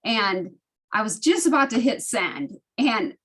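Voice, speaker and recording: Over a video call, a woman in her fifties tells her study group personal stories in a casual, sharing way. She's animated and emotional, her slightly high, somewhat slow, breathy voice leaping upward as she gets swept into the story. She frequently begins sentences again.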